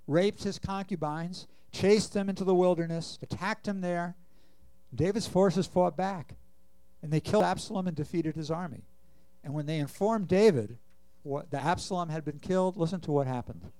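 A man's voice: on the high side, warm tone, no echo. A man preaching a sermon, earnestly reading scripture and asking the congregation questions. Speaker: pastor.

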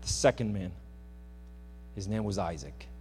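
A man preaching a sermon in church, impassioned, swinging between loud outbursts and hushed words. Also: fairly low pitch, expressive, unhurried. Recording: hum in a reverberant hall.

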